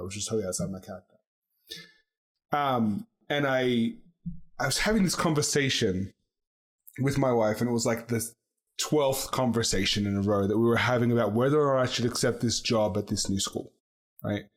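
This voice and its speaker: A man on a casual podcast speaks in an average male pitch. He is reflective and hesitant, and his thoughts are threaded with filler words. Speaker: podcast co-host. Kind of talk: casual conversation.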